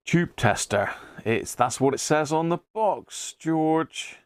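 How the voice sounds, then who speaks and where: A man's voice: on the high side, expressive, slow, clean tone, no echo, studio quality. A middle-aged British man hosting a live stream, chatting casually and greeting viewers by name between frequent chuckles. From Britain. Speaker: live-stream host, radio restorer.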